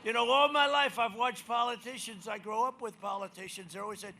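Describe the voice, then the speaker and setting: A high-pitched man gives a boastful, rambling campaign rally speech into a podium microphone. His tone is bright and forceful, and he swings between shouted lines and low muttered asides. Faint noise hangs in the background. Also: expressive, normal speed, few pauses. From United States. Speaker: president speaking as a candidate. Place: rally venue.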